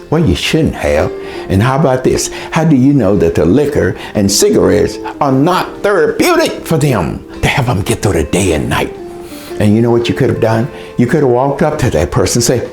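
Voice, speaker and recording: A man's voice: fairly low pitch, big pitch swings, moderate pace, vocal fry, darkish tone, faint music behind. A man delivering a scolding, rhetorical moral monologue to his listener, asking questions and answering them himself. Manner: acts out other people's voices. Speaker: speaker, former educator.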